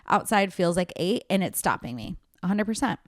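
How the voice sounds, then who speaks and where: A woman's voice: fairly low pitch, sing-song, normal speed, no echo, studio quality. A woman in her thirties hosting a podcast alone, chatting casually with lots of filler words and swearing, self-deprecating. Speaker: podcast host. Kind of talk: casual solo chat.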